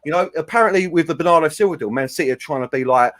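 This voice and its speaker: A man's voice: fairly high pitch, rapid-fire. A man ranting heatedly on a fan podcast panel. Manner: animated, ranting, slips into mimicking quotes.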